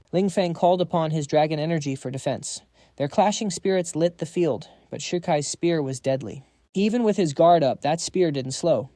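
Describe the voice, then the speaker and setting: A man's voice: a little high, dark tone, no room sound, studio quality. A man narrating a fantasy comic recap in a dramatic, scripted storytelling style.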